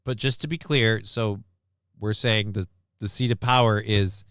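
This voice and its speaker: A man's voice: fairly low pitch, steady tone, a little slow, a bit bright, clean tone, no room sound, studio quality. Sarcastic, profane man ranting. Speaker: streamer host. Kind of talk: casual news commentary rant.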